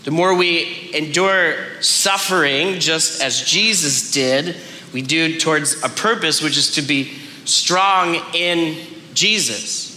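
Male preacher, bright tone, earnest and self-deprecating, recorded in a reverberant hall. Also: on the high side, slow, a little hiss or hum. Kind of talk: sermon clip. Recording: roomy hall with faint ambience.

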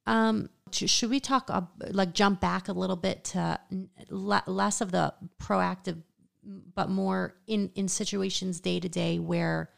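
Gravelly-voiced woman hosting a parenting podcast. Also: mid-range voice. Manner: hesitant, asks questions, short backchannels. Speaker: podcast host. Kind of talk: casual podcast conversation.

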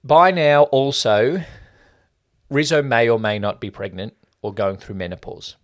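A man's voice: medium pitch, a little slow. A man co-hosting a casual movie review podcast, dissecting scenes and parodying line readings with exaggerated emphasis. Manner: mimics lines with exaggerated emphasis. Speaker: podcast co-host.

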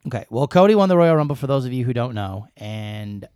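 A man talks loosely and at length as co-host of a casual podcast, joking his way through the chat. His voice sits at a medium pitch. The recording is dry and close, with no room sound. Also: animated, a little fast, mellow, smooth, no echo. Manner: rambling, joking, talkative.

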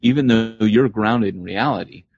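A man co-hosting a podcast in casual chat, animated and acting out the voices he quotes. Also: lowish voice, moderate pace, gravelly, husky, no echo. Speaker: podcast co-host. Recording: slightly muffled podcast recording.

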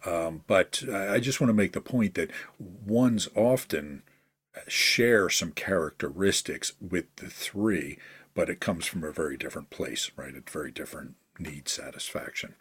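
A man with a very low, husky voice hosts a relaxed podcast conversation. He talks things through thoughtfully, puts questions to his guests and tends to end points with a questioning "right?". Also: unhurried. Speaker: podcast host.

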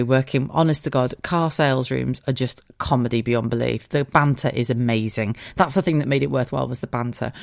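A woman's voice: rumbling low, creaky, darkish tone. Chatty, candid woman telling a story. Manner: chatty and rambling, with asides and frequent laughter; openly emotional, candid and a little sweary. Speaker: podcast host. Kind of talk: casual storytelling monologue.

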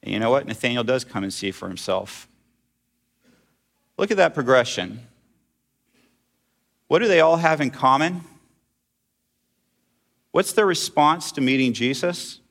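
A man's voice: mid-range voice, expressive, a little slow, gravelly, long pauses, fairly bright tone. Man preaching a conversational sermon. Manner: conversational, asks the audience questions. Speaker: pastor.

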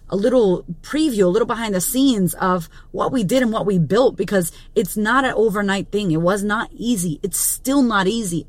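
Her voice sits in the mid-range with no room sound at all as this thirty-something business coach and podcast host speaks into a studio podcast mic. The monologue is motivational, profane, blunt, and delivered with forceful emphasis.

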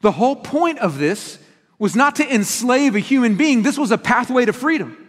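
A male pastor delivers an earnest teaching sermon and leans hard on key words. His voice sits high for a man. The sound trails off in the long reverb of a large church hall. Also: animated, moderate pace. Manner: earnest, teaching, with emphatic stresses.

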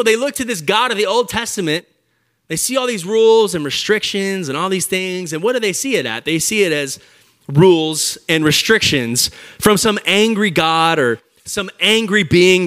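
A man preaching an energetic, conversational sermon to a live audience, joking and speaking directly to them. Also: sits high. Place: church service before a live audience.

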